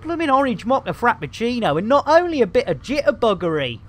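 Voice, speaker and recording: A man's voice: extremely high pitch, sing-song, fairly quick. A man giving rambling, jokey live commentary while streaming a video game. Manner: jokey, rambling, cheeky innuendo, frequent laughter.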